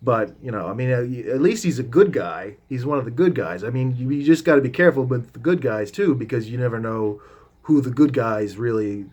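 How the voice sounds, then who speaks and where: A man is casually telling a long story to the camera and wandering off into side remarks as he goes. He talks at a middle pitch, loosely and conversationally, and his sentences often restart and trail off. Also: lively intonation, fairly quick, a little mellow, lo-fi sound. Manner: casual, drops the odd swear word. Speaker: vlogger. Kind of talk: rambling anecdotal storytelling.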